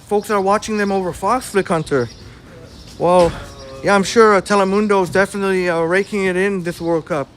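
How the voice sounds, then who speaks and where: A man's voice: high-pitched, fairly even intonation, moderate pace, faint music behind. A man hosting a casual live walking stream outdoors on a city street, chatting and greeting viewers by name. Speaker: livestream host reading viewer chat.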